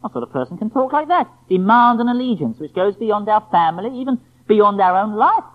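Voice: medium pitch, sing-song, a little fast. A preacher giving an evening sermon, emphatic and rhetorical, often asking the listeners questions. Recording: tinny phone-like lo-fi sound.

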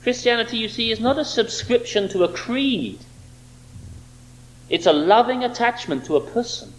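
Male preacher, high voice with lively swings, emphatic, rhetorical questions. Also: normal speed, low-quality recording. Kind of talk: sermon.

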